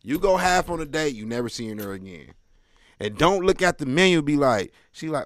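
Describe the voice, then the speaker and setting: Guy doing stand-up w/ AAVE, loud and animated, dry close sound. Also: mid-range voice, brisk, no echo. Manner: loud, animated, slangy street talk with crowd asides. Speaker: stand-up comedian. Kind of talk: stand-up comedy set.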